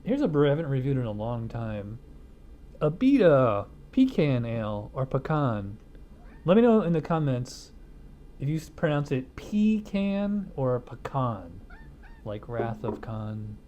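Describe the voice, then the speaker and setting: A man's voice: medium pitch, very animated, moderate pace, dark tone. A man casually reviewing a beer in a home studio, rambling with lots of fillers and restarts and chuckling at his own jokes. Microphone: wireless lapel mic hidden behind a studio mic.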